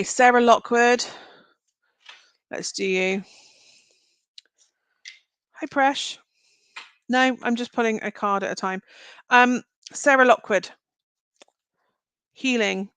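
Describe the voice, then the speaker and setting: Woman, live tarot reader, smooth clear voice, chatty and rambling, reassuring, dry close sound. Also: mid-range voice, a bit bright, no room sound. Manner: chatty and meandering, thinking aloud; reassuring, speaks straight to viewers. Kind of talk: live-streamed card reading.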